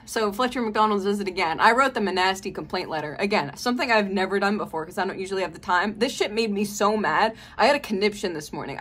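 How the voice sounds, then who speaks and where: A woman's voice: medium pitch, lively intonation, quick pace, a bit bright, a little hiss or hum. A young woman vlogging casually, ranting with lots of swearing and dramatic swings from mumbled complaints to shrieks. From Tampa area, Florida.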